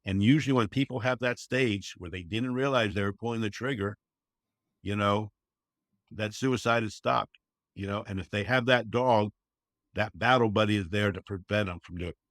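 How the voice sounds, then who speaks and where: A service dog trainer guests on a podcast, talking casually in an earnest, folksy way, often saying "you know" and acting out quotes. His voice is lowish and a bit bright at a moderate pace. The studio-quality recording has no room sound.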